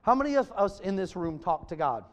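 A high-voiced man preaching a sermon in a hall with a long echo trailing after each phrase. He is high-strung and swings between loud, emphatic bursts and soft, almost whispered lines. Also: very animated, fairly quick.

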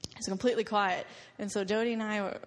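A woman's voice: mid-range voice, level tone, fast talker. A young woman giving a slideshow talk to a group about a mission trip, telling stories and laughing often. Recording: long reverb of a hall.

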